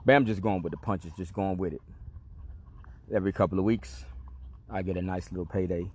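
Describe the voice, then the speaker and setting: A man's voice: deep voice, a little fast, a little mellow. A man hosting a podcast, telling a long personal story in a laid-back, streetwise and profane way. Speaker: podcast host. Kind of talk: casual storytelling monologue.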